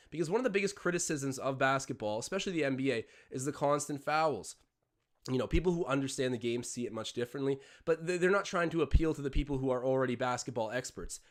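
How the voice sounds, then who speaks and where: Chatty young man calling a game live. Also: medium pitch. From Canada. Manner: rambling, chatty, jumps between play-by-play and tangents. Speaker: live-stream host. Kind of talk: casual live watch-along commentary.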